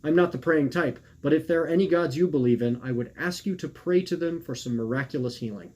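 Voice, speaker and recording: A man reading his own personal essay aloud in an earnest, measured way, posing rhetorical questions. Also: fairly high pitch, warm tone.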